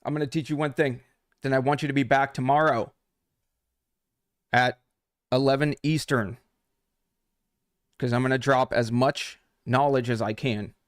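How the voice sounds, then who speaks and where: A man's voice: mid-range voice, steady tone, moderate pace, pauses often, no room sound, clean studio sound. A man teaching trading on a live stream, talking casually and swearing freely as he chats with viewers. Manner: casual, profane, talks straight to chat.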